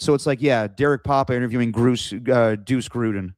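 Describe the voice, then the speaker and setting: A man's voice: mid-range voice, brisk, darkish tone, no room sound, studio quality. Laid-back man hosting a sports podcast. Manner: laid-back, chatty storytelling. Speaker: podcast host. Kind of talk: casual sports chat.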